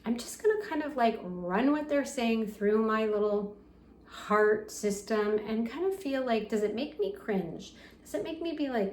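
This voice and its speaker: A middle-aged woman teaches parents in a gentle, soothing manner, her voice sitting a little high. The room around her rings with echo, and a faint hiss runs underneath. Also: animated, unhurried. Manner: gentle, soothing, acts out soft example phrases. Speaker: parenting coach. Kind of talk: talking-head parenting lesson.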